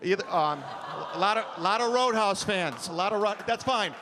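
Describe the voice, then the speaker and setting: High-voiced man doing stand-up. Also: brisk, a crowd in the background, background noise. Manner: deadpan storytelling with acted quotes. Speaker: stand-up comedian. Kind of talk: stand-up set. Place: comedy club stage. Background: audience laughter.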